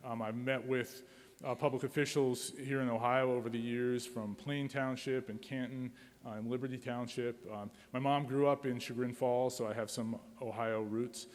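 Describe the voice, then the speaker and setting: A man's voice: mid-range voice, steady tone, normal speed. A middle-aged man giving a conference talk as an attorney, speaking hesitantly with many fillers and restarts. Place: conference hall. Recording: long reverb of a conference hall.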